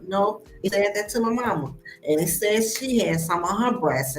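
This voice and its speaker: A woman hosting a live stream, telling a personal story in a lively way and acting out the voices of the people in it. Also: medium pitch, normal speed, hardly any pauses. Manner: animated, acts out the voices in her story. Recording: echoey room with faint music behind.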